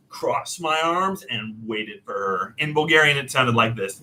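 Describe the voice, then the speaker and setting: A man casually telling a personal story, animated and self-deprecating, laughing often. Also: medium pitch, measured pace, hardly any pauses, low-quality recording. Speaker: storyteller host.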